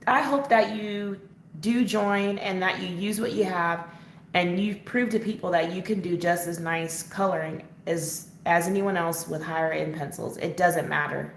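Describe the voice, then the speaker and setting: A woman's voice: fairly low pitch, fairly even intonation, moderate pace, vocal fry. A woman hosting a casual live coloring chat, answering viewer comments as she works and laughing often. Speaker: coloring channel host. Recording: echoey room, faint background noise.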